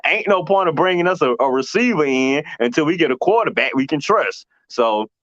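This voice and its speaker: A man's voice: on the high side, animated, a little fast, fairly bright tone, no echo, highs cut off. A man hosting a sports talk show, teasing his co-host and going off on slangy mock rants. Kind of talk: casual sports banter.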